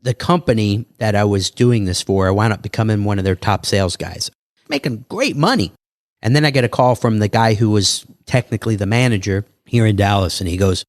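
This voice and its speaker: Male entrepreneur guest, animated pitchman delivery, dry studio sound. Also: fairly quick, no echo. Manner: animated salesman patter, acts out dialogue. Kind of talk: casual interview talk.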